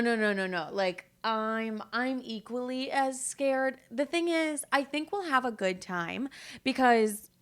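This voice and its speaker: A young woman talks through her own podcast in a loose, chatty way, swearing freely and slipping into the voices of people she quotes. She sounds tired, and her pitch sits in a middle range for a woman. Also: fairly bright tone. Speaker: podcast host. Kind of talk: casual solo podcast chat.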